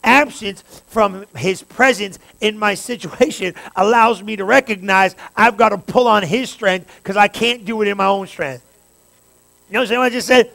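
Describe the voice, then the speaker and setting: A man pastor preaching a sermon, talking straight to his congregation and building to fervent, loud stretches. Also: high-pitched, moderate pace, creaky. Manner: preaching with rising fervor, direct address to the congregation.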